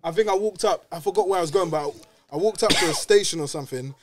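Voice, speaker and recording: A young man with a London accent, a podcast guest telling stories in animated, slangy casual chat. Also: high voice, quick pace, slight background noise.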